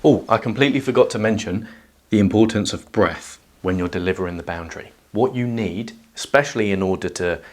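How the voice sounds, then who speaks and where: Calm low-voiced man teaching. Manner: calm, measured teaching delivery. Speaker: self-help educator. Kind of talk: whiteboard lesson to camera.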